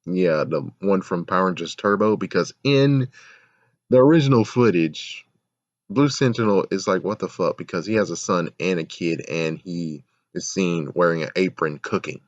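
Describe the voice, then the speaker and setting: A man's voice: sits low, moderate pace, no room sound, dull audio. A man ranting casually and with exasperation in a show review, rambling and swearing often. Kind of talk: casual video review rant.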